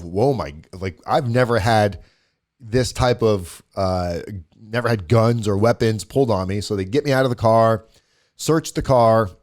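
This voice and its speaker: A man's voice: fairly low pitch, darkish tone. A man, a guest on a show, casually retelling a personal story and quoting what others said along the way. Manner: conversational, quotes others in the retelling, frequent restarts. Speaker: guest telling his story.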